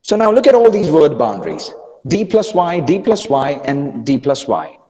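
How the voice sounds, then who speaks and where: Speaking at normal speed in a voice on the high side, a male pronunciation trainer leads an online lesson in a big-sounding room. He is animated and coaxing, often starting his sentences over.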